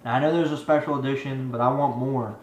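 A man's voice: medium pitch, fairly even intonation, quick pace, slight background noise. A man giving a profane, rambling movie review rant, exasperated and swearing constantly. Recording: echoey room with faint ambience.

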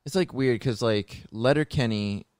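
A man's voice: mid-range voice, moderate pace, a little mellow, no echo, clean studio sound. A man co-hosting a podcast in casual chat, playful and teasing, laughing often. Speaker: podcast co-host.

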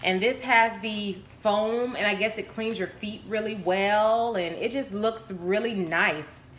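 An excitable, chatty woman talking straight to her camera at home, her voice bright and forceful. The room around her rings with echo, and a faint background hum sits under her talk. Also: medium pitch, slow pace. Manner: excitable and chatty, addressing viewers as y'all. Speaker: vlogger showing a shopping haul. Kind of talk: casual chat to camera.

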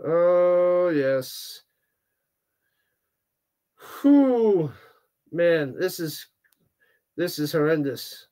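A man hosting a live sports watch-party stream, chatting casually with viewers and reacting with animated groans and exclamations. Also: on the high side, drawn-out words, pauses often. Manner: animated, exclaiming, groaning at bad card pulls. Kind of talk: casual livestream chat, reading viewer comments.

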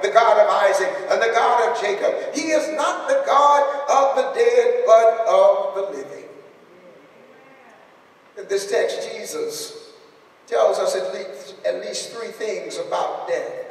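A man preaching a funeral sermon, building up to shouted, emphatic repetitions. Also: very high-pitched. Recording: echoey hall, distant mic.

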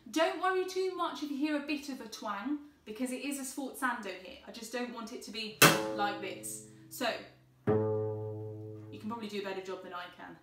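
A woman's voice: on the high side, big pitch swings, normal speed, over loud music. Woman, cello teacher, patient and encouraging, echoey room, distant mic. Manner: encouraging, patient, step-by-step instructions. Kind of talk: online music tutorial.

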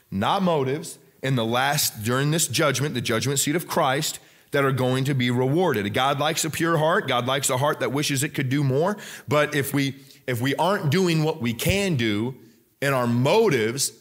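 A male pastor preaching a sermon in a church, emphatic and conversational, often questioning the congregation directly. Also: medium pitch. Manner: frequent fillers and restarts, conversational.

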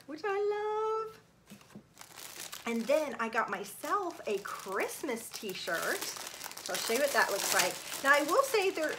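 A chatty woman in her forties records a product review vlog at home. Her voice is high and very bright, and her talk is enthusiastic but often drops to a hushed tone. Faint noise sits under the recording. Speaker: lifestyle vlogger.

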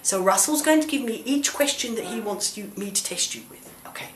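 A woman telling a children's Bible story in church, gently coaxing and asking questions of a puppet. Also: a little high, animated, a little fast, a little hiss or hum. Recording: roomy echo.

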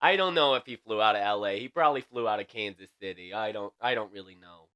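A man's voice: fairly low pitch, quick pace, a bit bright, clean tone, lo-fi sound. A young man hosting a comedic late-night celebrity news monologue, sassy and campy, tagging his jokes with "okay?".

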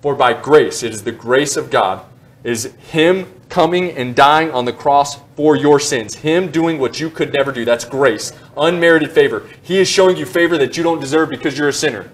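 A male pastor in his thirties preaching a sermon in a church, animated and quick to joke at his own expense. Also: fairly high pitch. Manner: joking, animated, self-deprecating asides. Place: church sanctuary.

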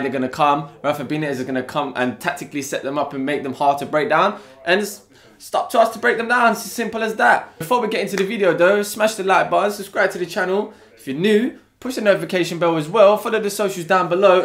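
A young man with a London accent reacting to a football match live, excitable and full of slang, yelling at the players. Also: on the high side, fast talker, echoey room. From England. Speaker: football fan reaction channel host. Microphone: desktop USB mic.

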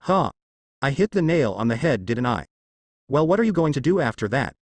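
A man reading the lines of a brash, loud teenage ninja boy in a fan fiction, with a lively, dry delivery. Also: mid-range voice, moderate pace, no echo. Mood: defiant. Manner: shouting, defiant.

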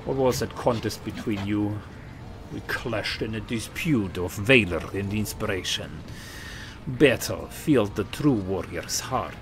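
Man putting on a gruff Scottish wolf-clan warrior. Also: on the low side, unhurried, music in the background. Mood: proud. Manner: declaiming in a rough put-on brogue. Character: grizzled male warrior of a wolf clan, proud and solemn. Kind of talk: reading game dialogue aloud.

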